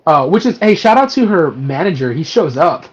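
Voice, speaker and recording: Guy on a movie podcast retelling scenes all animated, kinda high voice, muffled lo-fi audio. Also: moderate pace. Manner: animated, retelling scenes with acted-out quotes and many fillers. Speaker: podcast co-host. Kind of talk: casual movie review chat.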